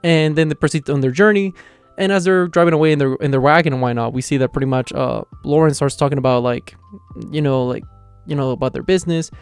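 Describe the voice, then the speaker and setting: A man's voice: fairly high pitch, steady tone, quick pace, clean tone, no room sound, soft background music. A man casually reviewing an anime episode, retelling the plot in a loose, chatty way.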